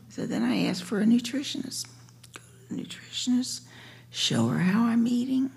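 A woman's voice: on the high side, animated, normal speed, vocal fry, a little mellow, husky. A woman sharing her story at a recovery meeting in a wry, joking way, sometimes dropping to a near whisper. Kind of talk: personal share at a recovery meeting. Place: meeting room.

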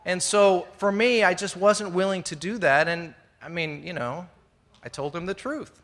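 At a recovery meeting, a middle-aged man shares his personal story with fellow members in an indoor room, his voice bright, ringing and a bit high. He rambles conversationally at a moderate pace, full of fillers and restarts. He remains earnest and now and then laughs at himself.

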